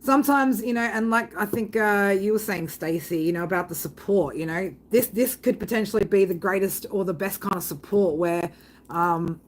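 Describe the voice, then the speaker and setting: A woman's voice: mid-range voice, moderate pace, low-quality recording. A woman hosting a live tarot reading stream, chatting casually with viewers, swearing constantly and often asking "right?". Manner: breaks into loud laughter reading chat comments.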